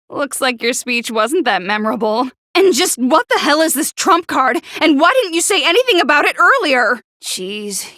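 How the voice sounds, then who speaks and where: Toko Fukawa, high stammering schoolgirl. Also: sharp tone, dry recording, studio quality. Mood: sneering. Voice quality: stuttering, nervous stammer. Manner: snide, sarcastic put-downs. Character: stammering, gloomy, sharp-tongued teenage schoolgirl. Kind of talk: video game voice acting. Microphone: close studio mic.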